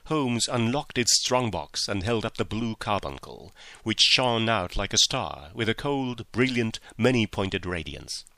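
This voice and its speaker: Man, audiobook narrator, measured storytelling, bright forceful tone, dry close mic. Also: fairly low pitch, animated, no echo. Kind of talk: scripted narration.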